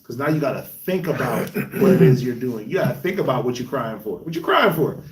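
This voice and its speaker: A man's voice: big pitch swings, a little fast, far from the mic. A man leading a group discussion, talking casually and acting out quoted voices. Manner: conversational, acts out quotes in high voices. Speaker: lead speaker of a discussion group. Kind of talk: animated teaching talk. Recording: echoey room, speaker away from the mic.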